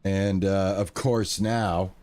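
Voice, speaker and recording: Relaxed, slow-talking male streamer. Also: deep voice. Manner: relaxed, thankful, many fillers and restarts. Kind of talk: casual live-stream chat.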